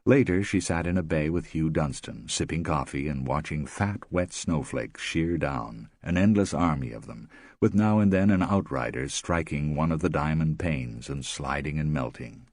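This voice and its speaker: Husky deep-voiced male audiobook narrator, expressive delivery, dry. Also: normal speed, no echo. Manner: lively, expressive. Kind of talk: scripted narration.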